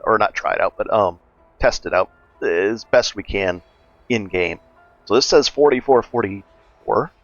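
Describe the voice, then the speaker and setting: A man casually narrating a gameplay walkthrough as a gaming guide host, relaxed and chatty, thinking aloud with fillers. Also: medium pitch, dry recording, dull audio.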